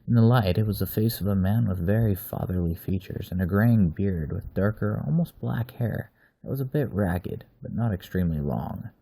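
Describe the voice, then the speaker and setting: A man reads a dark story aloud, slow and measured. His voice sits very low, with a gravelly edge and a husky grain. It sounds close and dry, with no room echo.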